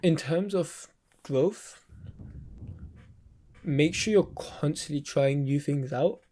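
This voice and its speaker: A man's voice: a little high, slow, mellow. A man mentoring in a casual chat, laid-back and slangy, calling the listener bro.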